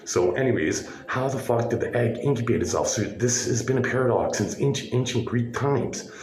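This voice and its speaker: A man's voice: medium pitch, lively intonation, normal speed, a little mellow, reverberant, poor audio. A man in a hospital room, talking to his phone camera in a rambling, profane, insistent monologue that keeps checking "right?". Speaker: vlogger.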